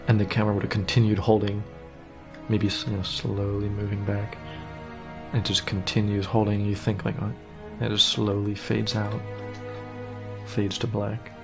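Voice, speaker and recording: Brief: low-voiced man, earnest, rambling director's commentary, faint music behind. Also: gravelly. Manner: earnest, meandering, casual. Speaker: director of an animated series.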